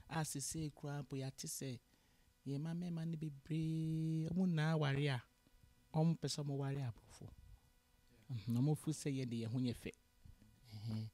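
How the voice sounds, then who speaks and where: A middle-aged Ghanaian woman with a bass voice is interviewed as a guest, speaking passionately and moving between Twi and English. Her manner is lecturing and fervent, growing loud when she's stirred. There's no room sound.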